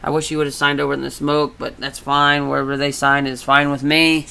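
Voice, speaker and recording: A man rambles through a casual vlog and gets animated when he retells stories. His voice sits a touch high and sounds bright and clear. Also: brisk. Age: adult. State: congested from allergies. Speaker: vlogger. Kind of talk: casual chat.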